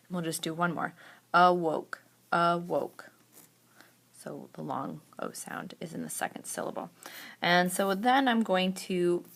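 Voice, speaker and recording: A woman teaching a recorded spelling lesson, reading words slowly and deliberately to demonstrate vowel sounds. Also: lowish voice, creaky, a bit bright. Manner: slow, deliberate word-by-word demonstration.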